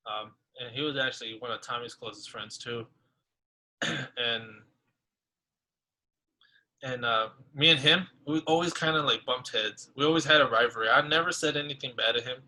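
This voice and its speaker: A man's voice: mid-range voice, normal speed, sharp tone, rough recording. A young man co-hosting a casual podcast, telling a personal story in a rambling way with many fillers. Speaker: podcast co-host.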